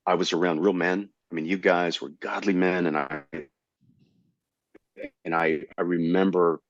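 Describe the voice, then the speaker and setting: Middle-aged male comedian, low voice, dry and slightly dull recording, animated storyteller. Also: unhurried, no echo. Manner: animated, jumps into high voices to act out quotes. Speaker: comedian guest. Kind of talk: storytelling in a casual interview.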